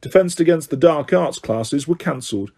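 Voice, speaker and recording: Male audiobook narrator, mellow voice, slightly husky, steady reading. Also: a little high, normal speed. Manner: steady reading, occasional self-corrections. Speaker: audiobook reader.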